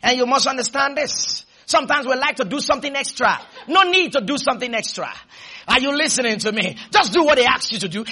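A man preaching a fervent sermon, shouting at times and leading the congregation in call-and-response. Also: extremely high pitch, lively intonation, quick pace, husky.

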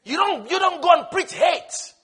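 A man preaching a sermon with passion, swinging between shouted lines and hushed asides, and telling stories with a laugh. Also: very high-pitched, expressive, normal speed. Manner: impassioned, shouting bursts and sudden hushed asides; storytelling with laughter.

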